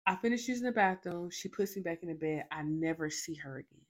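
A woman's voice: fairly low pitch, quick pace. A young woman hosting a faith show, telling a personal testimony in a dramatic, emphatic way with lots of repetition.

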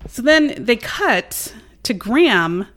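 A woman hosts a laid-back true-crime chat, retelling the case in an animated, giggly way. Her voice is bright and forceful, and her pitch leaps around a lot as she talks. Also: slow, a little hiss or hum. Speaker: podcast host.

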